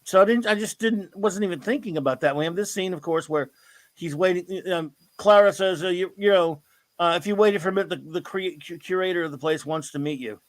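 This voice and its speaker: A man's voice: sits high, a little fast, no echo. A middle-aged man hosting a casual chat, telling a story in an enthusiastic, rambling way. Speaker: host.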